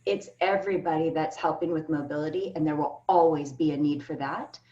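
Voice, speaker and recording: Earnest woman on a video call, lowish voice, far from the mic, dull roomy sound. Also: fairly quick, mellow. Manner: earnest, emphatic. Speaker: keynote speaker. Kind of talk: answering questions on a video call panel. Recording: echoey, distant, dull video call audio.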